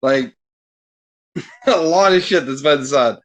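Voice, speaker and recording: A man as a podcast guest, talking in casual chat and sounding exasperated, swearing freely and getting animated. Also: on the high side, slow pace, highs cut off.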